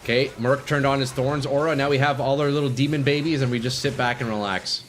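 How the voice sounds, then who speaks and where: A man's voice: mid-range voice, steady tone, fast talker, a little hiss or hum. A young man streaming a game live, chatting casually with viewers and swearing freely. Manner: laid-back, swears freely, chats with viewers.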